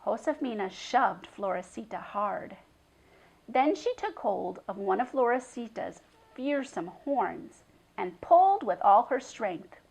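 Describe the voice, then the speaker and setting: Slow, gravelly woman reading a children's book. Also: mid-range voice, low-quality recording. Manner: expressive, dramatic reading with hushed drops. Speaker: storyteller. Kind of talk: children's book read-aloud.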